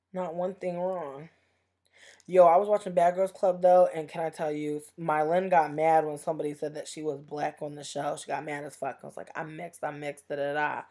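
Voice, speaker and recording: A woman's voice: low-pitched, mellow. A young woman vlogging in a casual livestream rant, heated and profane, rambling with lots of fillers.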